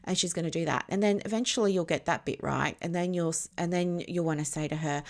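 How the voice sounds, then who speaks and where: Low-voiced woman explaining casually. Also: a little fast, darkish tone. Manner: explains through extended analogies, often checks if listeners follow. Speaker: business mentor. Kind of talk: casual teaching monologue.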